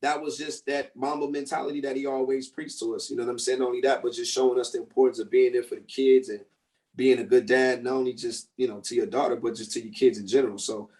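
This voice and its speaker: A man's voice: mid-range voice, fast talker. A man in his thirties, a rapper guesting on a radio show, telling stories casually and acting out quotes. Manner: animated storyteller, acts out quotes. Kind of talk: casual radio interview chat. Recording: distant from the mic.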